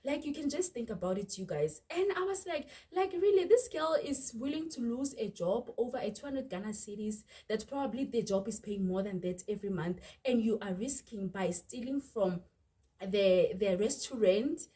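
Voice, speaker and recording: A woman's voice: a little high, moderate pace. Exasperated South African woman vlogger. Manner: animated, exasperated retelling, addresses viewers as "you guys". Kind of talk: storytime vlog.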